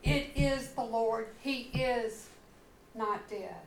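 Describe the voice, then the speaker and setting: A woman pastor preaching a sermon, telling the story slowly and dramatically. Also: fairly high pitch, reverberant, slight background noise, rough recording. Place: church sanctuary.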